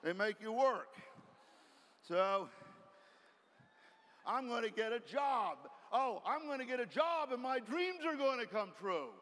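A man giving a folksy, emphatic motivational speech from a stage, firing off rhetorical questions and sometimes shouting. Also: sits high. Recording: reverberant hall, faint background noise.

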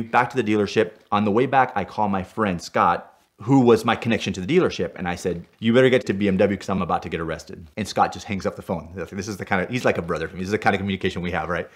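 A Puerto Rican stunt driver tells a car story in a somewhat low voice. He's animated and excitable, getting worked up as the tension builds and tagging his lines with "right?"

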